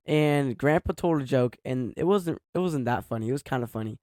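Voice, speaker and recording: A man's voice: mid-range voice, animated, fairly quick, darkish tone, no echo, clean studio sound. A man co-hosting a podcast in casual chat, telling stories in an easygoing, giggly way. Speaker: podcast co-host.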